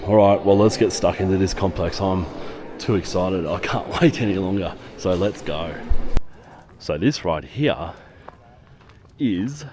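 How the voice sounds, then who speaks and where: A man's voice: low voice, darkish tone, a little hiss or hum. A man giving an enthusiastic walking-tour vlog outdoors at an archaeological site. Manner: enthusiastic, exclaims often. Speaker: travel vlogger.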